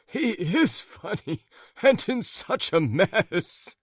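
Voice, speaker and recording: A man voicing an amused old gentleman who speaks slowly and indulgently to his wife. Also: sits high, big pitch swings, slightly rough, dry recording, clean studio sound, voice pushed up, heavily acted. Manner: chuckling, slow and indulgent.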